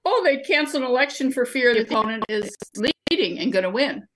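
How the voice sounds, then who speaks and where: A woman's voice: on the high side, expressive, a little fast, fairly bright tone. A woman guest in an interview, explaining her civic training work through everyday examples and anecdotes. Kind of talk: conversational interview answers.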